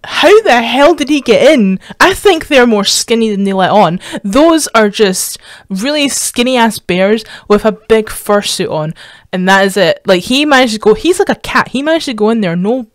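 A Scottish woman giving casual reaction commentary as a streamer, rambling and sweary, breaking into excited squeals and laughter. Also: on the high side, moderate pace, dry recording, studio quality. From Scotland.

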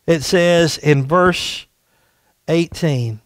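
Male pastor preaching in church. High voice, slow and emphatic delivery, dry close sound. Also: lively intonation, no echo. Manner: emphatic, repeats rhetorical questions. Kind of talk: sermon. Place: church sanctuary.

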